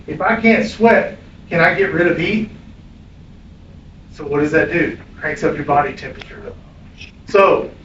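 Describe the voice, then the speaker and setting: A middle-aged man teaching a classroom of medics, blunt and salty, throwing questions at his students. His voice sits a bit high for a man. He's picked up from far off in an echoey room, dull and lo-fi, with faint noise behind him. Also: fairly bright tone. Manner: blunt, profane, quizzing the class. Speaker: EMS instructor. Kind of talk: classroom lecture with anecdotes. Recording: echoey room, distant mic.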